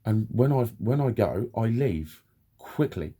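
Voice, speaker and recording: A man's voice: on the low side, animated, unhurried, dark tone, slightly rough. A man in a heated, blunt personal rant, swearing constantly as he tells his story to camera. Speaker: vlogger.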